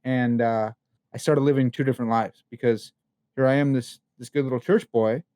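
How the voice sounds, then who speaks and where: A young man as a podcast guest, telling personal stories in a candid, animated way full of casual slang and fillers. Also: medium pitch, moderate pace, smooth, no room sound, clean studio sound. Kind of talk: casual conversation.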